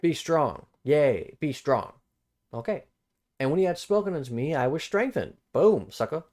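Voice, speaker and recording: A man's voice: on the high side, lively intonation, measured pace, a little mellow. Man reading and musing over scripture. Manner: thinks aloud, rereads verses and repeats phrases while puzzling over them; casual, plain-spoken asides between formal scripture reading. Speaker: Bible study streamer. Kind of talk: live-streamed Bible study, reading aloud and commenting.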